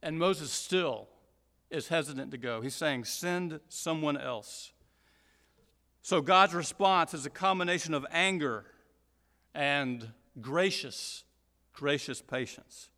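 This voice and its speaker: A man from Georgia teaching through a Bible passage verse by verse, explaining deliberately and repeating points for emphasis. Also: a little high, animated, pushed and bright, long reverb tail.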